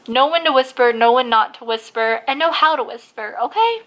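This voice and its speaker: A woman's voice: high voice, moderate pace, a bit bright. A woman ranting in a casual vlog, blunt and full of swearing, who says she is losing her voice. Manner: blunt, swears a lot, heavy use of "like". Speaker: vlogger.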